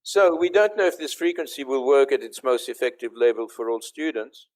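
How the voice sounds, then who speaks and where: Older man, professor giving an online lecture, steady explanatory delivery, checks that listeners can follow. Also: medium pitch, fairly quick. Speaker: professor giving a conference talk.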